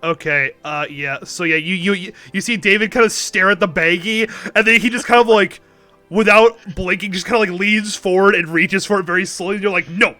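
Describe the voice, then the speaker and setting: A man with a bright, forceful voice sits a little high and runs a tabletop game as game master. He narrates casually, laughing and restarting his sentences, with faint music in the background. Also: brisk, no echo. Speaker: dungeon master.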